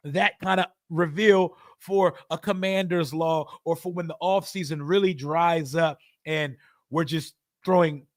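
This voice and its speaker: A man's voice: high voice, a bit bright, no room sound, clean studio sound. A young man hosting a live reaction stream, talking casually and profanely, often addressing his chat directly. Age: young adult. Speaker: livestream host.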